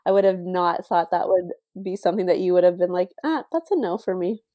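Woman podcast cohost, warm mellow voice, dry close sound, rambles a bit. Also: lowish voice, a little fast, dry recording. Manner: enthusiastic, rambling, many "like"s. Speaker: podcast co-host. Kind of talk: casual podcast chat.

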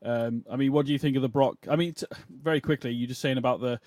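A man's voice: medium pitch, fairly even intonation, a little mellow, no room sound. Guy co-hosting a wrestling pod, middle voice, dry sound, casual and a bit hedgy. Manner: quick, conversational, hedging with "I mean". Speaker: podcast co-host.

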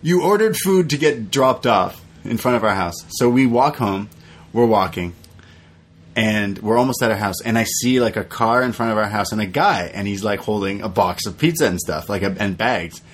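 A man's voice: on the low side, expressive, normal speed. Brief: young male podcast co-host, casual, acts out quotes as he tells a story. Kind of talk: casual chat.

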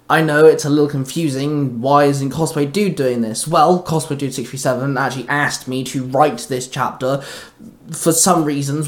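Male host-reader, casual and chatty, fairly high pitch. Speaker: storyteller and host. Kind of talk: reading fan fiction aloud.

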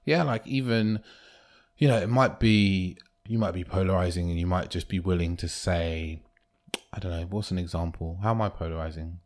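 Deep-voiced man, animated podcast chat. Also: normal speed. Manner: animated, acts out quoted lines. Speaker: podcast co-host.

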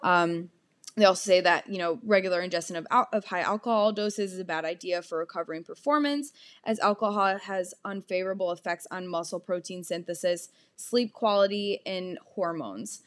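A woman's voice: on the low side, moderate pace. Casual young woman podcast host. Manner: casual, frequent "um" and "you know" fillers. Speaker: podcast host and fitness coach. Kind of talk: solo podcast monologue.

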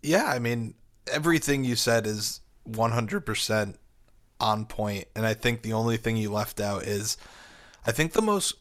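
A man's voice: fairly low pitch, a bit bright. A man chatting casually about a film as a co-host, agreeing easily with his partner. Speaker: podcast co-host.

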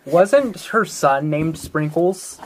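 A woman's voice: deep voice, expressive, slow. A woman playing a tabletop game, playful and laughing between rolls. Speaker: player. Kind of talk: casual tabletop play.

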